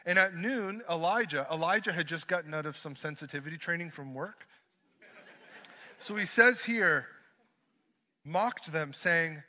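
A man preaching a sermon, swinging from hushed lines to loud ones and mixing in joking asides. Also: on the high side, measured pace. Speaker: pastor. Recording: dull lo-fi sermon recording.

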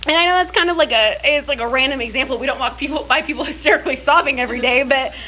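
A woman's voice: high-pitched, racing, pushed and bright, slight background noise, rough recording. A young woman telling personal stories in a casual faith talk, chatty and full of filler words and restarts. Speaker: speaker in a church series.

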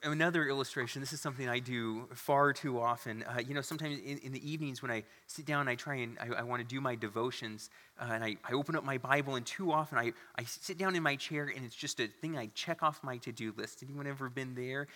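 Earnest pastor preaching in a reverberant church. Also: male voice, mid-range voice, quick pace, few pauses, pushed and bright. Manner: earnest and conversational, with asides to the congregation. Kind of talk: sermon. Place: church sanctuary. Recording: long hall reverb.

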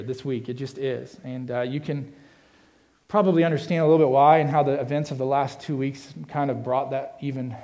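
A man's voice: medium pitch, darkish tone. A middle-aged man preaching a sermon, earnest and conversational, often restarting his phrases. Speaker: pastor.

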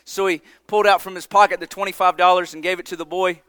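A man preaching a sermon, earnest and emphatic, often dropping his voice low for effect. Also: flat delivery, fast, fairly bright tone, smooth, dry recording. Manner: earnest, emphatic preaching with dramatic drops in volume.

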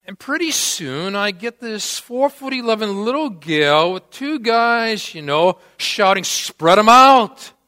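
A man's voice: high-pitched, lively intonation, measured pace, few pauses, a bit bright. A man preaching a sermon, telling a story with dramatic acted quotes. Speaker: pastor. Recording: long church-hall reverb.

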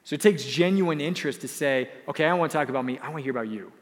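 A man's voice: a little high, very fast. A young man preaching a sermon as pastor, earnest and emphatic, repeating key phrases. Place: church sanctuary. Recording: long hall reverb.

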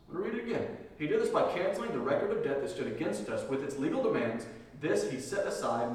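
Man, pastor, emphatic preaching, loud and hushed, very echoey, long reverb. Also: mid-range voice. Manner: emphatic preaching, repeating key phrases, swinging between loud and hushed. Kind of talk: sermon. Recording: echoey hall from far off.

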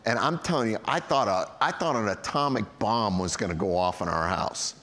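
A man's voice: fairly low pitch, expressive, normal speed, fairly bright tone. A man preaching a sermon in a jokey, conversational way, recorded in a large church hall. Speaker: pastor. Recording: long hall reverb.

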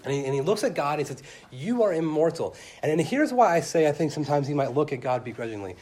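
A young man preaching a sermon earnestly, his voice swelling loud and then dropping soft. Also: on the high side, sing-song, fast talker.

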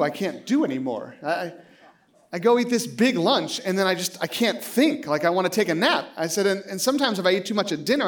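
Man, late 30s, pastor preaching, high voice, very lively pitch, animated storyteller, laughs a lot. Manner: animated storytelling, acts out both sides of the dialogue; laughs often while speaking. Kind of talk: sermon.

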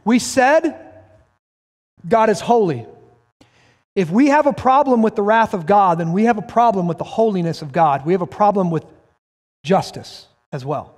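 A male pastor preaching a sermon, reading scripture aloud and pressing his points emphatically, sometimes rising to a shout. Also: high-pitched, lively intonation, normal speed, long pauses. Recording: long hall reverb.

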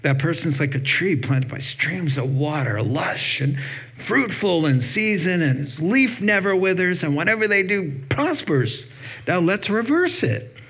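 A husky male pastor delivering a sermon, slipping into lively acted-out voices as he retells conversations. The recording is somewhat dull and lo-fi. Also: high-pitched, unhurried. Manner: animated storytelling with acted-out dialogue.

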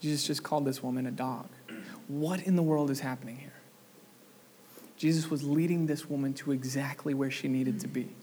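A young adult man preaching a sermon, animated and asking the congregation questions. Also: mid-range voice, brisk, slight background noise. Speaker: pastor.

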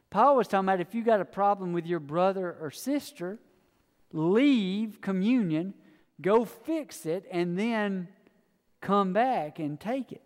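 A man delivers a sermon in a fairly high voice. He speaks in a folksy, storytelling way, talking straight to the congregation. His voice carries a long reverb from a large church hall. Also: unhurried. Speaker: pastor.

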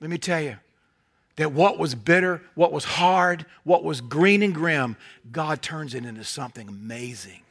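A middle-aged man with a Southern American accent from North Carolina, preaching a sermon with folksy humor and animated storytelling that drops to soft intensity. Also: fairly high pitch, moderate pace, slightly rough.

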